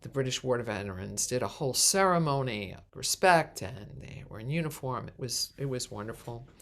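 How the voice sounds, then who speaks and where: A woman minister telling a personal story during a sermon, animated and acting out the voices of the people in it, with many restarts. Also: extremely low pitch, normal speed. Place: congregation meeting hall.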